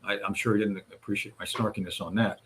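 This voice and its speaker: A man's voice: on the low side, steady tone, fast, fairly bright tone, a little hiss or hum. A man guest on a radio talk show, recounting events step by step and addressing the hosts directly. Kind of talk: conversational storytelling.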